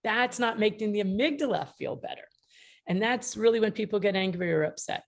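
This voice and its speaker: Gravelly-voiced woman teaching with humor. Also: mid-range voice, brisk. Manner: emphatic, humorous, acts out dialogue. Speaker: mediator and author being interviewed. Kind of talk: lively teaching talk with anecdotes. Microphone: video call.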